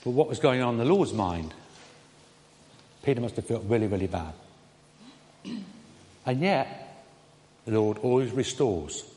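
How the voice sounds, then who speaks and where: A man preaching a sermon in a conversational way, with his voice lifting on questions and dropping soft on tender lines. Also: mid-range voice, very animated, unhurried, pauses often. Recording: reverberant hall.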